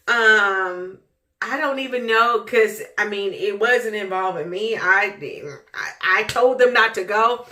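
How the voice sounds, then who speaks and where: A woman vlogger casually telling a childhood story in an animated way, laughing often as she goes. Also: a little high. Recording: echoey room.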